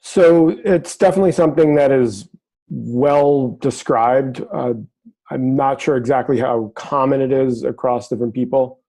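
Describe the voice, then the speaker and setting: Man doctor on a video call, mellow warm voice, careful, lays out reasons one by one. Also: medium pitch, steady tone, a little slow, poor audio. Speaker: physician. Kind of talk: panel answer.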